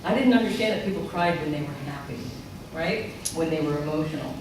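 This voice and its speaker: A middle-aged speaker delivers a storytelling sermon in a large sanctuary and brings each remembered quote to life. The voice comes from well back from the microphone and rings in a very echoey hall, with steady noise underneath. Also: mid-range voice, fast. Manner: animated storyteller who acts out remembered quotes. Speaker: speaker at a spiritual center service. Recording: echoey hall from far off, noisy.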